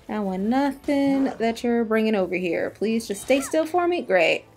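Hoarse, tired woman chatting over gameplay. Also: a little high, expressive, moderate pace, hardly any pauses, a little mellow, faint music behind. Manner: chatty, talks to herself and exclaims at the game. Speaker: gaming YouTuber. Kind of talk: casual gameplay commentary.

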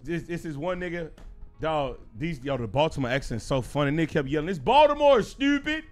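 A young man streaming, telling a story in an animated, profane, excitable way. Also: on the high side, fairly quick, soft background music. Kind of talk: casual livestream story time.

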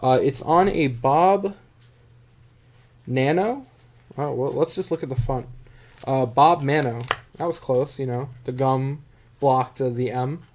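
Dude hosting a card break, jokes at himself, throat kinda dry, bit of hiss behind. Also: male voice, medium pitch, takes it slowly, pauses often. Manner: joking, self-mocking, chatty. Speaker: card-break stream host. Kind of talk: casual live-stream chat.

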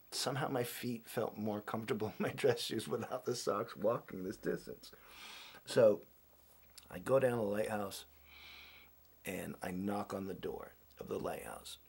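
A man telling a long, rambling personal story in a casual, animated way, with many restarts and acted-out quotes. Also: lowish voice, creaky, husky.

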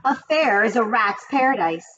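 A woman's voice: a little high, animated, normal speed, a bit bright, highs cut off, slight background noise. A woman voicing a wise old female sheep who lists things with relish. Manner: relishing, listing with gusto.

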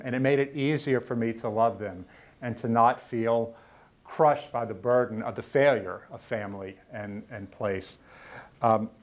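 Middle-aged man, mid-range voice; earnest lecturer who stumbles and repeats words in emotional stretches. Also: medium pitch. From Louisiana, US South. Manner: earnest, halting, repeats words when moved. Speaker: author giving a lecture. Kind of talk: personal storytelling lecture. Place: university lecture room.

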